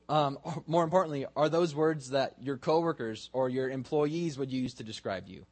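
A man's voice: fairly high pitch, moderate pace, few pauses. Man giving a casual, conversational sermon. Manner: casual and self-deprecating, asks the congregation questions. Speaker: pastor.

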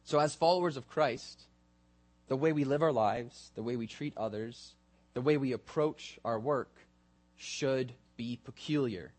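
A man's voice: medium pitch, a little slow, a little mellow. This is a man preaching with a middle-range voice, easygoing and chatty rather than thundering. He poses questions to his congregation and pokes fun at himself now and then. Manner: casual and self-deprecating, asks the congregation questions. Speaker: pastor. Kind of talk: conversational sermon.

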